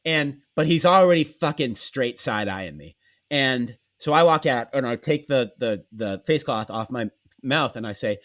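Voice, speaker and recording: A man hosting a podcast, telling a comic story in a profane, animated way and acting out the dialogue. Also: mid-range voice, moderate pace. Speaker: podcast host.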